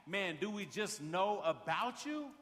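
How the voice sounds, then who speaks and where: A man's voice: high voice, big pitch swings, measured pace, a bit bright, long reverb tail. A man preaching a sermon as pastor, peppering his lines with "man" and building rhythmic refrains. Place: large worship center.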